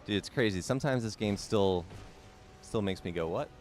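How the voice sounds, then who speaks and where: A young man with a low, deep voice talks casually while he plays a game on a live stream. He rambles, repeats lines and answers viewer comments as they come in. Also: normal speed, faint music behind. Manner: chatty, repeats himself, answers viewer chat.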